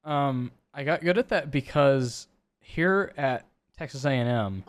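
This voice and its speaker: A young college student co-hosting a casual podcast, talking in an animated way, swearing casually and slipping into mocking voices. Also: male voice, medium pitch, measured pace. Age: young adult. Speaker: podcast co-host. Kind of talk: casual chat.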